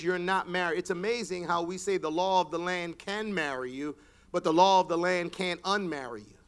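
A male preacher giving a sermon, reading scripture aloud and rising to loud, emphatic passages. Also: high voice, creaky.

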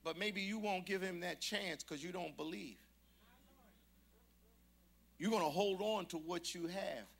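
A man preaching a storytelling sermon, swinging from muttered asides to shouted preaching and acting out the voices of people in his story. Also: high voice, a little slow, vocal fry, pauses often.

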